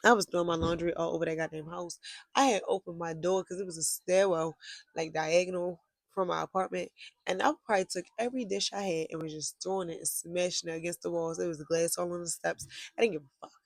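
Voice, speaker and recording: A woman's voice: fairly low pitch, fairly even intonation, fast, gravelly, dry recording. A young woman telling a storytime vlog in a casual, blunt and profane way, with heated outbursts. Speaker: vlogger.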